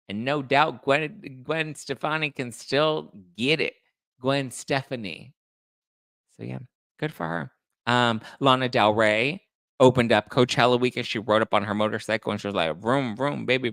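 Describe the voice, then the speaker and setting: A man hosts a casual celebrity gossip chat, campy and quick with playful shade. His mid-pitched voice carries a steady gravelly fry. The sound is close and dry with no room echo. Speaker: podcast host.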